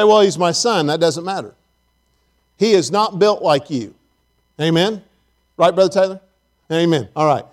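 A middle-aged man with a fairly high voice preaches a sermon. He reads scripture aloud and then unpacks it in a conversational way. He often asks the congregation to answer with an amen. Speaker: pastor.

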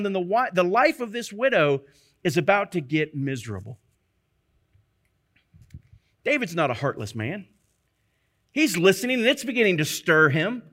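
Guy preaching casually thru a bible story, bright sharp tone, keeps asking the crowd stuff. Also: high voice. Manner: rhetorical questions to the listeners. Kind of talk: conversational Bible teaching.

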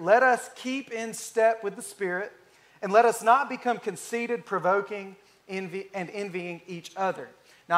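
Southern US pastor, high tenor, folksy sermon delivery, leans on key words. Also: male voice, fairly bright tone. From Alabama, US. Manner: folksy, conversational, drawn-out emphasis.

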